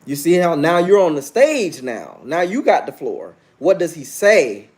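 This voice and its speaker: Man, 30s, livestream host; brash and preachy, slightly high, very animated pitch. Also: measured pace. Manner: brash, preachy, challenges chat viewers directly. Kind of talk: casual livestream monologue.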